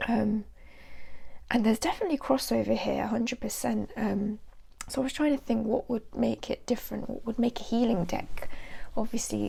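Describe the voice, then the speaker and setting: A young adult woman hosts a casual tarot vlog, chatting in a rambling way with lots of fillers. Hay fever makes her sound nasal. Her voice is medium-pitched, creaky, warm and slightly rough.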